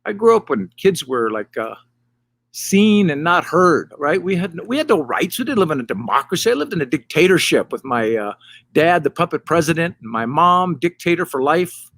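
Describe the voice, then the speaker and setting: A middle-aged man delivering casual stand-up straight to a camera mic, wandering between bits and landing deadpan punchlines. His voice sits a bit high for a man and sounds dry, with no room echo. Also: moderate pace. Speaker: stand-up comedian, host. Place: hot tub.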